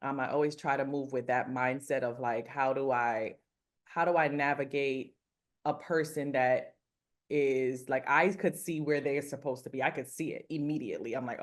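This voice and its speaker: A woman's voice: a bass voice, steady tone, moderate pace. A woman, a makeup artist, talking earnestly about her faith and mentoring in a casual interview, with many fillers and restarts. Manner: earnest, rambling, frequent fillers.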